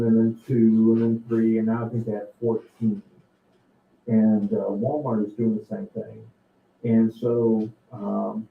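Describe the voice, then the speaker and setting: A man's voice: mid-range voice, a little hiss or hum. Man, middle-aged host, folksy rambling monologue, distant and echoey phone-quality sound. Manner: rambling, folksy, advice-giving, many fillers. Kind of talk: casual live-stream monologue.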